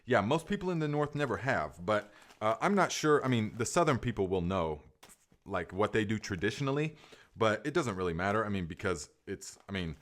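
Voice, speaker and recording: A middle-aged man hosting a live gardening Q&A, rambling and enthusiastic, full of fillers and restarts. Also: on the low side. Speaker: gardening podcast host. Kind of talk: casual live Q&A chat.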